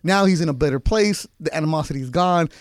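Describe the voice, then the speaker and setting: A man telling stories as a guest in casual sports radio chat in a studio, animated and quick. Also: fairly high pitch, clean tone, dry recording. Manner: fast, animated storyteller.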